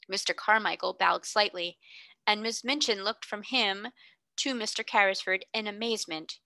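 Bright-voiced woman reading a classic novel. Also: mid-range voice, fairly even intonation, moderate pace, no echo. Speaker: reader. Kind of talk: audiobook narration.

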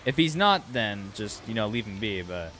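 Excitable man streaming a game. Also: on the low side, faint music behind. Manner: excitable, quick reactions, chatting with viewers. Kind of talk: casual livestream commentary.

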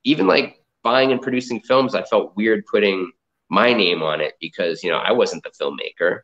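Over a video call, a comic art collector and entrepreneur from around Boston rambles through his stories in a casual interview, leaning on fillers and restarting often. He speaks at a normal speed in a fairly low, slightly bright voice, captured in dull lo-fi sound.

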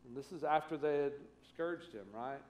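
A man's voice: a little high, normal speed, reverberant, muffled recording. A man preaching a conversational sermon as pastor, acting out the voices he quotes. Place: church sanctuary.

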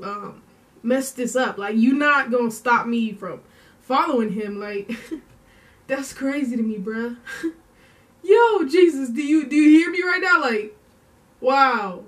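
A woman talking to her viewers in a casual vlog, slow and rambling with many fillers, emotional as she goes. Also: fairly high pitch, recorded from a distance. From San Diego. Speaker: vlogger. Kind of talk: casual vlog talk to camera.

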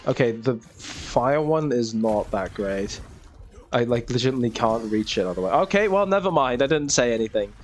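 A man's voice: mid-range voice, slight background noise. A young man giving casual, self-mocking commentary while playing a video game, laughing often. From Australia. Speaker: gaming youtuber. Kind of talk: casual let's-play commentary.

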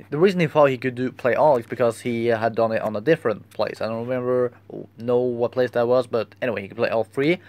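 Young man, rambling and halting. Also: mid-range voice, no echo. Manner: rambling and halting, searching for words. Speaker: vlogger. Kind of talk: casual storytelling vlog.

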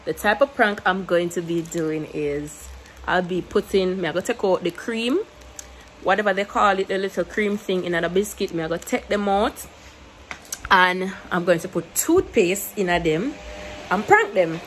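A woman's voice: lowish voice, moderate pace, fairly bright tone, a little hiss or hum, low-quality recording. A young woman with a Jamaican accent chatting casually to her camera, mixing English with patois and laughing often. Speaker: YouTuber. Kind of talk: casual vlog chat to camera.

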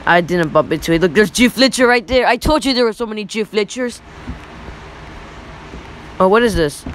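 A young male YouTuber in his teens giving rambling, excitable reaction commentary over old photos. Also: sits high, normal speed, a little hiss or hum, rough recording. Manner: rambling, excitable, repeats "look".

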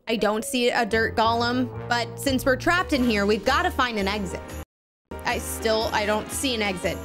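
A woman hosting a Minecraft video with excited, playful commentary, gasping and shrieking often. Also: high voice. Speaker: gaming YouTuber host.

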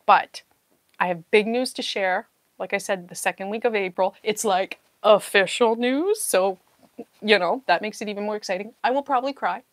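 A woman's voice: mid-range voice, normal speed, no room sound. A woman hosting a casual live-stream puzzle chat, talking to herself as she searches and laughing often. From New Zealand. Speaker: puzzle channel host.

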